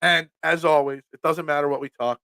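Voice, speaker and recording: A man's voice: a little high, fairly even intonation, brisk, bright, forceful tone, smooth, no room sound. A man hosting a casual live-stream sports show from a home room full of memorabilia, upbeat and rambling as he reacts to viewer comments.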